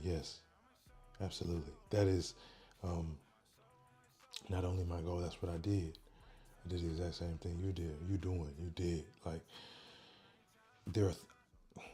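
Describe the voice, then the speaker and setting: A man hosting a casual livestream, talking softly and quietly into a microphone worn on his neck. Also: deep voice. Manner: soft, quiet, chill talk, reading chat aloud. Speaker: livestream host.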